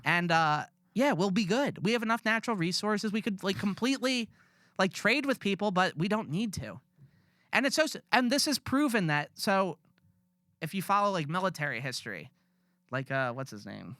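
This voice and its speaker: A man's voice: sits high, lively intonation, normal speed, a bit bright, no room sound, studio quality. A man ranting bluntly and profanely in casual podcast chat. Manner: blunt, profane, rambling rants. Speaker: podcast co-host.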